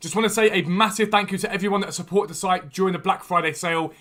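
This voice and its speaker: Fast-talking bright-voiced streamer man. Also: sits high. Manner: quick, chatty and enthusiastic, jumping between topics and chat questions. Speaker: gaming streamer and video host. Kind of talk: casual livestream chat while trading in a football game. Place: room at home with a door.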